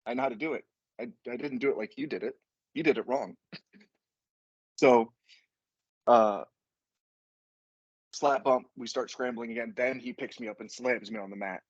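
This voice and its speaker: A man's voice: medium pitch, moderate pace, pauses often, breathy edge, dry recording, lo-fi sound. A man, a podcast guest, telling a rambling, profane story in casual chat and laughing as he goes.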